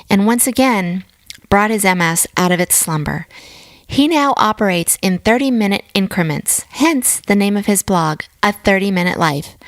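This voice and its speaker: A woman's voice: medium pitch, dry recording. A woman hosting a podcast interview, chatty and upbeat. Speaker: podcast host.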